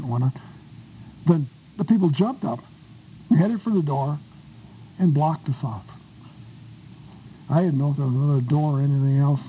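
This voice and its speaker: An older man with a gravelly, slightly high voice spins a rambling war story, restarting his sentences and putting on other people's voices as he goes. The recording is dull and lo-fi, with a faint hiss underneath. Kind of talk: oral history storytelling.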